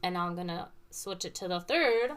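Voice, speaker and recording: A woman with a lowish, animated voice teaches piano at a moderate pace, patiently using everyday comparisons between the examples she plays. It's casual teaching talk with demonstrations, and piano fills the gaps between her phrases.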